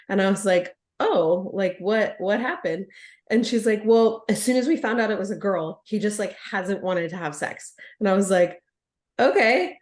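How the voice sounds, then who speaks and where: A woman chiropractor telling a frank, animated story to colleagues, laughing often. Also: medium pitch, moderate pace, echoey room. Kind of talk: casual storytelling among colleagues.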